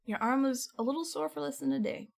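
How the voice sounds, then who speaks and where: A young woman chats casually on a home stream, answering viewers' messages as they come in. Her voice sits a little high, and she rambles loosely from one thought to the next. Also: sing-song, quick pace, creaky. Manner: chatty, reads and answers chat messages, rambling. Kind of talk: casual chat with live chat.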